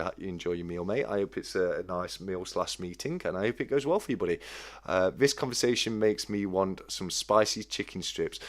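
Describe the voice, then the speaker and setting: A man hosting a casual live-stream chat, reading out viewer comments in a friendly, halting way with many restarts. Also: lowish voice. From United Kingdom. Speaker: livestream host.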